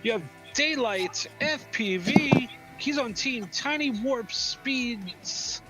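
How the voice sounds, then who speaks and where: A man's voice: extremely high pitch, animated, slow pace. A man co-hosting a drone race stream, joking and reading out team standings. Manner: laid-back joking, reads out standings. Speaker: race co-host. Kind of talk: esports race commentary. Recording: faint music behind.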